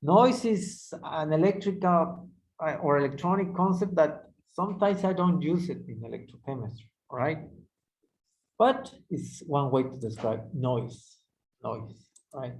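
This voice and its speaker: First-language guy lecturing, kinda high voice, keeps saying all right?, echoey room. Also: measured pace, darkish tone. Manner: conversational, repeats "all right?" to check understanding. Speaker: instructor. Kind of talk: technical lecture.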